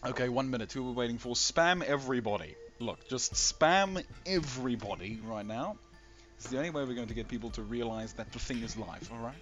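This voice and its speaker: A man's voice: medium pitch, a little fast, a bit bright. A man hosting a game tournament livestream in a casual, playful way, reading chat aloud and answering it. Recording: slightly dull stream mic with faint music. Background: faint background music.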